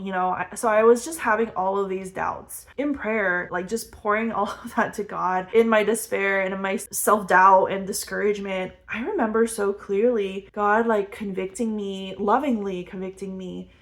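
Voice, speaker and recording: A young woman in her twenties talks straight to camera, recounting her own story in loose, conversational speech. Her pitch sits in a middle range for a woman, and she peppers her sentences with "like" and soft little laughs. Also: creaky. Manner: casual, chatty, many "like" fillers, laughs lightly often. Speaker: vlogger.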